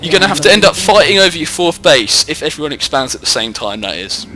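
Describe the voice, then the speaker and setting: A little high and sing-song, his bright, forceful voice moves at a quick pace as this British teen jokes his way through rambling, self-mocking live commentary on a strategy game. He uses a headset mic and is at home indoors, somewhere other than his regular recording spot.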